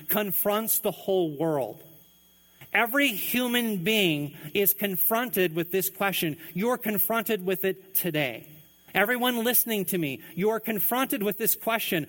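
A man preaching a sermon in an earnest way, dropping his voice low on key phrases. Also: animated, unhurried, fairly bright tone, low-quality recording. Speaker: pastor.

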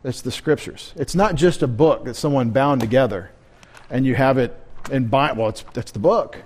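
A man's voice: mid-range voice, normal speed, a little mellow. A man preaching a midweek sermon as pastor, talking conversationally, asking the congregation questions and adding joking asides.

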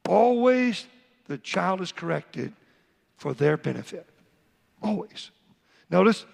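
A man's voice: high voice, very animated, takes it slowly, gravelly, long pauses, darkish tone, in a large hall. A man, the pastor, preaching a sermon, reading Bible verses aloud and acting out a father's talk with his son. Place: church sanctuary.

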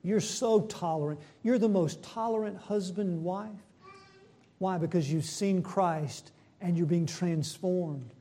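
A man delivers a sermon slowly and deliberately in a high but soft, mellow voice. He asks the congregation rhetorical questions, building sharply in pitch and loudness to press a point before dropping back low and quiet.

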